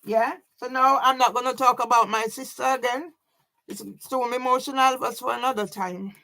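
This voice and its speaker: A woman's voice: on the high side, fairly even intonation, moderate pace, sharp tone. A woman talking straight to her own camera in an emotional vlog, agitated, swearing a lot and often tossing in a questioning "yeah?". She sounds sleepless and overwrought. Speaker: vlogger. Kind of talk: emotional personal vlog monologue.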